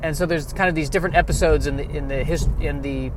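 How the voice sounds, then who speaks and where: Hesitant, rambling man with a slightly high voice. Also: fairly even intonation, quick pace, noisy background. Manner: hesitant, with many restarts and self-deprecating humor. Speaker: podcaster. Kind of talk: rambling casual monologue.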